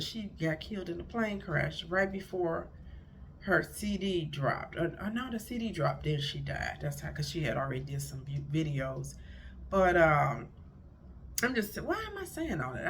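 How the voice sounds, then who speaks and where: Gravelly, blunt woman giving advice. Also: on the low side, fairly bright tone, slight background noise. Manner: chatty, blunt, rambling with self-corrections. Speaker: marriage counselor and life coach vlogger. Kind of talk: casual advice monologue to camera. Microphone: phone recording.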